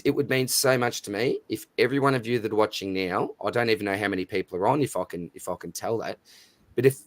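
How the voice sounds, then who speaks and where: An Australian man hosting a live stream in a relaxed, matey way, calling out viewers by name. His voice sits fairly low, and the sound is dry and close with no room echo. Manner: matey, chatty, reads out viewer names. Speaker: livestream host. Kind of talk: casual live stream chat.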